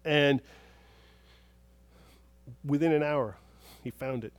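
Preacher man swinging from hushed to loud. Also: on the high side, takes it slowly. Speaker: pastor. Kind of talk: sermon.

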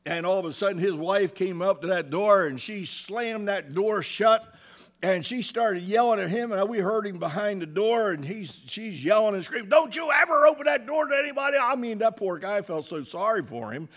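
A middle-aged pastor preaching from the pulpit in a slightly higher-than-usual man's voice. He swings from loud emphatic bursts down to quiet, hushed asides, and stops to check in with the congregation. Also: moderate pace. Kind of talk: sermon.

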